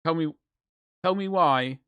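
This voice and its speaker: A man's voice: on the high side, a little slow, pushed and bright, clean tone, no room sound. A man streaming live while he paints, rambling and joking in casual banter with his chat. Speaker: livestreamer.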